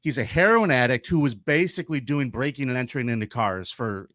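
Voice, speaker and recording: Lively, bright-voiced man telling a crime story. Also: mid-range voice, fairly quick, no echo, clean studio sound. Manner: animated, profane, laughs while telling the story. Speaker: podcast co-host. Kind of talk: casual true-crime storytelling.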